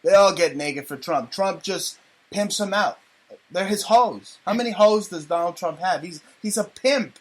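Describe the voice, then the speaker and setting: Talk radio host, male, raised-pitch voice, loud crude political ranter. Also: measured pace. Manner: loud, ranting, profane. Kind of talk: crude comedic political rant.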